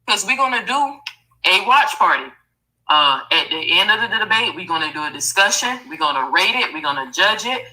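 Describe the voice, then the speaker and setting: A woman streamer casually announcing watch parties in a brisk, defiant way. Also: on the low side, lively intonation, pushed and bright, low-quality recording. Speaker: online streamer in a played clip.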